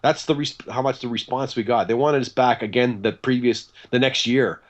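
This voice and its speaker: A man, a guitarist being interviewed, telling stories in a casual, animated way and acting out the dialogue he quotes. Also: medium pitch, moderate pace. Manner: animated, acts out quoted dialogue, chatty with fillers. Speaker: guest guitarist.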